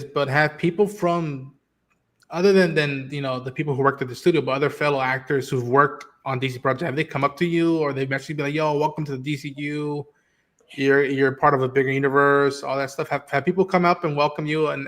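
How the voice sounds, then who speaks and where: A man's voice: mid-range voice, fast, a bit bright. A man hosting a casual interview stream, asking long winding questions in a friendly way. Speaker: host.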